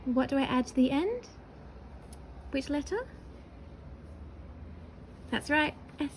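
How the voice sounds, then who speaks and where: Slow, high-voiced woman teacher. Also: animated, a little hiss or hum, rough recording. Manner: slow, sounding out words syllable by syllable; patient, encouraging. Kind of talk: early-years writing lesson.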